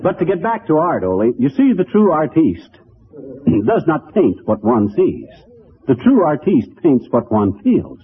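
A boastful, blustering husband with a bouncy, animated delivery and fairly high pitch. This is 1940s radio comedy. It is heard over a thin, phone-like broadcast with the audience laughing. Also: male voice, measured pace, a little hiss or hum. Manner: brash, bragging, mangles words. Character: boastful blustering small-town husband, middle-aged.

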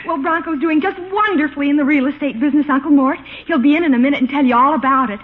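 Doting newlywed girl, woman acting, really high voice, tinny old radio sound. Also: racing, close to an everyday voice. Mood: gushing. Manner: breathless, doting. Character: gushing newlywed young niece.

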